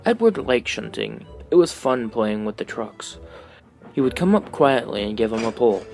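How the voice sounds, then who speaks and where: A man narrating a children's storybook aloud with an expressive reading. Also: medium pitch, moderate pace, soft background music, poor audio.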